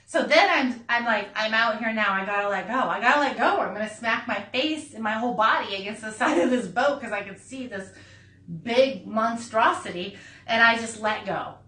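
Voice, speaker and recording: A middle-aged woman hosting a podcast, telling a personal story in a casual, animated way, laughing and acting out voices as she goes. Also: fairly high pitch, normal speed. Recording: echoey room, a bit far from mic.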